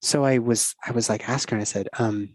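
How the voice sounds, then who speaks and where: A man's voice: medium pitch, fairly even intonation, fairly quick, no room sound. Earnest rambling man, podcast guest. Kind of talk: casual podcast conversation.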